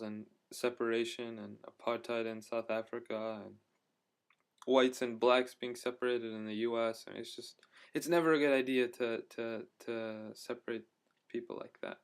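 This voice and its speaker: A man's voice: medium pitch, smooth. A young man talking casually in a travel vlog, rambling and hesitant with many fillers and restarts. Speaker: travel vlogger.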